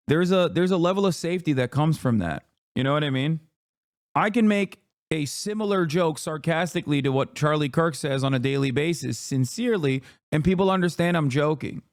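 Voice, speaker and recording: A man doing heated livestream political commentary, angry and profane, shouting down his critics. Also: on the high side, moderate pace, no echo, studio quality.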